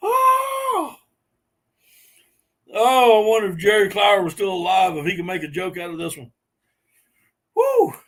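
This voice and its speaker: A man hosting a casual live stream, laughing helplessly between drawn-out exclamations as he chats with viewers. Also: high-pitched, fairly even intonation. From Southern US. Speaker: host.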